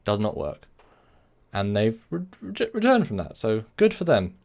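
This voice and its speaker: A man's voice: lowish voice, huge pitch swings, a little slow, creaky, a little mellow. A man hosting a casual live stream, rambling, correcting himself and answering chat messages. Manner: rambling, self-correcting, reads chat aloud.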